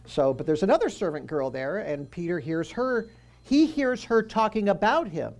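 A man's voice: sits high, expressive, normal speed. A man giving a conversational Bible teaching. He quizzes his listeners and drops joking asides as he walks through the passage.

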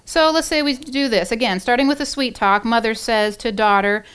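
A woman giving an earnest devotional Bible teaching, with many pauses, fillers and restarts. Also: fairly high pitch, clean tone. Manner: earnest, warm-hearted, with frequent fillers and restarts.

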